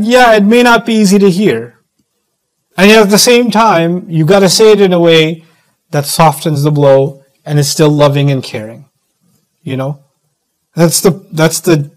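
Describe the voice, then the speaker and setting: Man, middle-aged, sermon lecture, high-pitched, animated delivery. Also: normal speed, low-quality recording. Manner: animated, acts out quoted voices, quotes Arabic text. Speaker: Islamic speaker.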